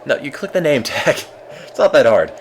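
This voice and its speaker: A man streaming a game with casual, deadpan, self-mocking commentary. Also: medium pitch, moderate pace, slight background noise.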